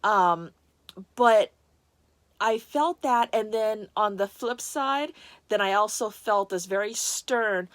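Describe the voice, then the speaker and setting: A woman's voice: mid-range voice, takes it slowly, no room sound. A woman candidly telling a personal story to the camera, emotional and close to tears, with many restarts and fillers.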